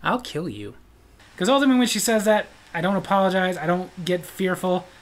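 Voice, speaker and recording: Speaking quickly in a high register, a man runs his own show and tells humorous stories packed with gags and frequent laughter. His delivery is playful and energetic, captured on a rough recording.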